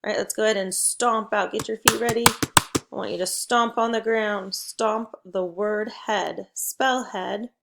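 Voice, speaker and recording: A woman teacher leading a phonics lesson for young children, slow and patient, with a call-and-response manner. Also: medium pitch, fairly even intonation, creaky, heavy background noise.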